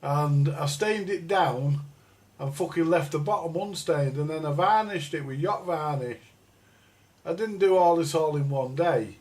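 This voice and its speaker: A man's voice: on the high side, a little slow, darkish tone. A man hosting a live chat, telling a long, rambling, profanity-heavy story from his school days with many restarts and asides. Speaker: livestream host.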